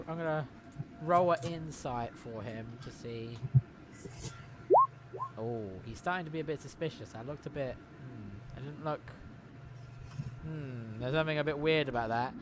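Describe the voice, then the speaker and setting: A man narrating as game master in a tabletop game, talking in a rambling, chatty way and correcting himself often. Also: on the high side. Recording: noisy recording.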